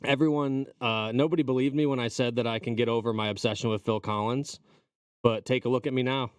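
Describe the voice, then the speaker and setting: A man's voice: mid-range voice, fairly even intonation, a little fast, clean tone, no room sound, clean studio sound, far from the mic. A man, a songwriter guest, chatting casually on a podcast and cracking dad jokes. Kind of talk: casual chat.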